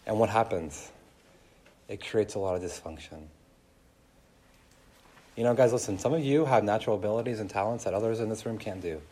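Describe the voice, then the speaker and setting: A young man preaching a sermon to a room, telling stories in an animated way with many asides. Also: fairly low pitch, brisk, pauses often. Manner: animated storytelling, laughing, lots of "like". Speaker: pastor. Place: room with an audience.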